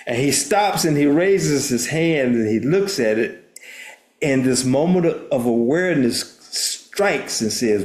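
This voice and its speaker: A man's voice: medium pitch, animated, slow, a little mellow. An older man from the United States, a therapist and minister, telling a story as an interview guest in an earnest way, often restarting words. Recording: roomy echo.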